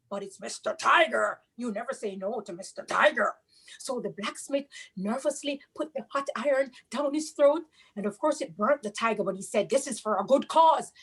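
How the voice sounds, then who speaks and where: Animated Caribbean woman telling a story. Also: a little high, breathy edge, rough recording. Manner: animated, sing-song, explains local words. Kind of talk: children's storytelling.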